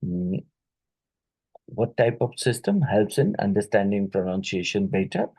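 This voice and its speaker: A man teaching an exam-prep lesson, reading each question twice and pausing with fillers and "right?" tag questions. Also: on the low side, dark tone, husky, poor audio. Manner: halting, with many fillers and "right?" tags; repeats each question aloud.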